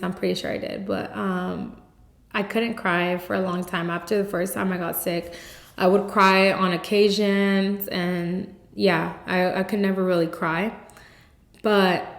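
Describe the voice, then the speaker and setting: A woman's voice: medium pitch, a bit bright. Candid young woman host, echoey room. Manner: candid and emphatic, frequent "like" fillers, blunt swearing. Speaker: podcast host. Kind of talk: personal testimony, casual storytelling. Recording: roomy echoey recording.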